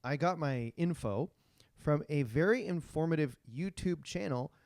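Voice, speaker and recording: Playful podcast guy, kinda high voice, really bouncy, dry close mic. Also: animated, moderate pace, gravelly, a little mellow, no room sound. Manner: playful, jokey, breaks into silly sung bits. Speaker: podcast co-host presenting the topic. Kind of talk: casual comedic podcast chat.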